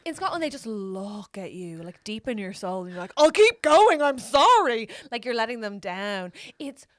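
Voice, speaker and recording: A woman co-hosting a casual comedy podcast, telling a story with animated energy, laughing and swearing as she goes. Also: mid-range voice, normal speed. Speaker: podcast co-host.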